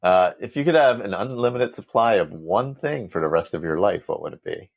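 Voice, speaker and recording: A man's voice: fairly low pitch, expressive, brisk, gravelly. A man co-hosting a podcast, laid-back and laughing along in casual chat. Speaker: podcast co-host. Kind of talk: casual conversation.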